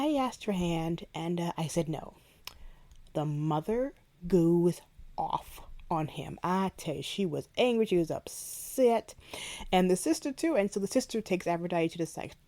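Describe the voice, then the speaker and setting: A woman hosting a book podcast, retelling a favorite scene in an animated, chatty way. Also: lowish voice. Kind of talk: casual book review chat.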